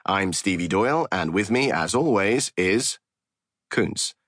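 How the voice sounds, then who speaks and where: A laid-back male true crime podcast host who jokes around, as a man reading the book plays him. His voice is low with a lively lilt. The sound is dry and close. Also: measured pace, no echo, full character voice. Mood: casual. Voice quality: casual, joking. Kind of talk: audiobook reading.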